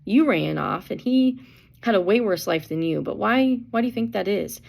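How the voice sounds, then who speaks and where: A woman's voice: mid-range voice, animated, moderate pace, creaky, a little mellow, pitched above the performer's own voice. A woman voicing a curious, blunt young girl who asks a lot of questions.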